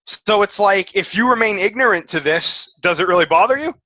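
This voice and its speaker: A man co-hosting a podcast in casual chat, animated and reasoning out loud with restarts. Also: high voice, fairly quick, no room sound. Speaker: podcast co-host. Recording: dull lo-fi audio.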